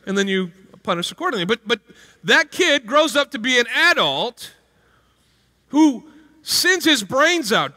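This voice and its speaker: Man preaching, bright sharp tone, lively swooping pitch, playful voices, long church-hall reverb. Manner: animated, jumps into playful character voices and exclamations. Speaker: pastor. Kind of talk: energetic sermon with acted-out stories.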